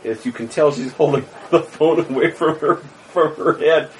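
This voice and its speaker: A man running a tabletop role-playing game as game master, narrating in a casual, animated way with frequent laughter. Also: on the high side, moderate pace, slight background noise, low-quality recording.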